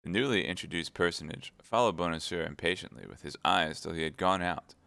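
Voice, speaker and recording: A man reading a novel aloud with steady, plain narration. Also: low-pitched, brisk, vocal fry, clear, resonant tone, dry recording. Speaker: audiobook reader.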